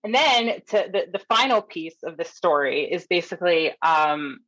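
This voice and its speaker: Speaking at normal speed in a fairly low voice, a woman from Canada who works as a nurse coach shares an animated story on a podcast. She acts out the quotes of the people involved and laughs frequently during the casual interview.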